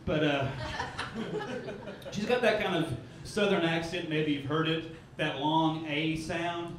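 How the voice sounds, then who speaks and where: A young man from East Tennessee performing a self-mocking, crude stand-up set on a club stage, tossing quick asides to the crowd. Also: on the high side. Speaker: stand-up comedian. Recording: echoey club, from far off, noisy.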